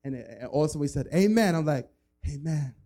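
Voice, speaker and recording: Male preacher with a warm, mellow voice. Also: medium pitch, fast. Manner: lively storytelling with laughs and acted-out voices. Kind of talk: sermon testimony. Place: church sanctuary.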